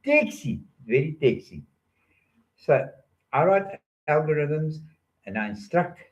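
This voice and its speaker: An older man spins a loose, rambling monologue, full of jokes and sudden detours. His voice sits at an ordinary middle pitch. The recording is dull and lo-fi, with the top end muffled. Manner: playful, joking, digressive. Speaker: storyteller.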